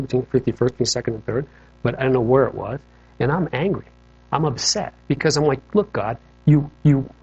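A man tells a personal story to an audience, talking in an easy, conversational way and dropping quick asides to keep listeners with him. His voice sits at an ordinary pitch, and the recording sounds a little dull and muffled. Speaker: speaker telling a personal testimony. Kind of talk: personal testimony talk to an audience.

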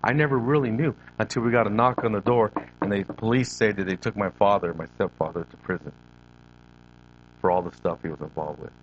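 Middle-aged man, very low voice, personal testimony, speaks to the crowd, dull lo-fi sound with faint hum. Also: brisk. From Northern California. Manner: storytelling, addresses the audience, voices his younger self.

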